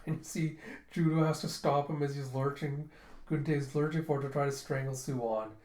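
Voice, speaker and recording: A man's voice: on the high side, steady tone, moderate pace, darkish tone, echoey room. Casual man narrating a comic read-through. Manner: loose, chatty retelling with many "he's like". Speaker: manga reviewer. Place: home.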